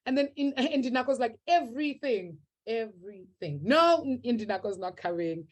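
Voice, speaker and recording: A woman's voice: fairly high pitch, animated, a little fast. A young woman teaching a live online maths class, upbeat and encouraging as she reads out students' answers from the chat.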